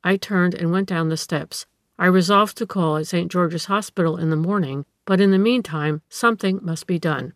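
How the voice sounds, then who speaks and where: Female audiobook reader, measured narration, lowish, dry close sound. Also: dry recording. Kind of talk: scripted narration of a classic story.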